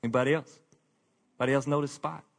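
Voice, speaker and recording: A man preaching a conversational sermon to his congregation, candid and self-deprecating, often sinking into a quiet, confessional tone. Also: medium pitch, steady tone, rapid-fire, gravelly. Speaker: pastor.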